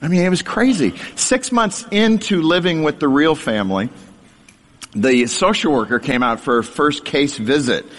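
A man's voice: on the high side, lively intonation, normal speed, fairly bright tone. Man telling a humorous testimony in a reverberant hall. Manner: self-deprecating humor, laughs through lines. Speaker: speaker sharing a testimony. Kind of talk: storytelling sermon to a live audience.

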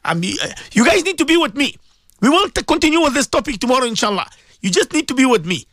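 A man's voice: extremely high pitch, big pitch swings, fast, fairly bright tone, no room sound. A man, a cleric hosting a radio show, speaks with emotion and keeps repeating rhetorical questions to his listeners. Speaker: radio host and Muslim cleric. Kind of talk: impassioned radio talk.

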